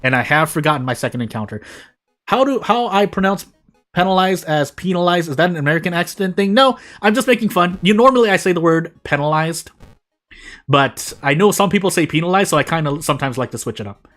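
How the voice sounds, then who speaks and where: A man streaming a video game, talking through his choices out loud and often stopping to restart or correct his sentences. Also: on the high side, animated, quick pace. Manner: thinks aloud, often restarts and corrects himself mid-sentence. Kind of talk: live gameplay commentary.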